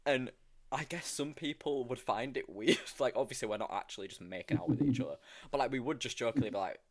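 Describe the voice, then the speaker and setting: A man's voice: mid-range voice, quick pace. A young man chatting casually on a stream, telling funny stories from filming, full of fillers and bursts of laughter. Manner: animated, laughing storyteller with many fillers. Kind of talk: casual chat.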